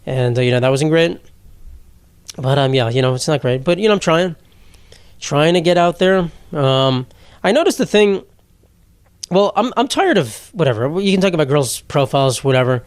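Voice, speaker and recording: A man's voice: fairly high pitch, lively intonation, normal speed, pauses often, clear, resonant tone, no echo. A young man hosting a solo comedy podcast, rambling bluntly and mocking himself, often laughing mid-sentence. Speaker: podcast host.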